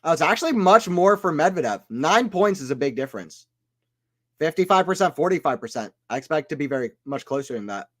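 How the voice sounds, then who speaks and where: A man with a slightly high voice calls a tennis match live for a stream audience. He keeps up a relaxed running commentary and chats with viewers in between. He turns loud and excited whenever a big shot lands. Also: fairly quick. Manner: chatty, reads chat aloud between points. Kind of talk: casual play-by-play commentary.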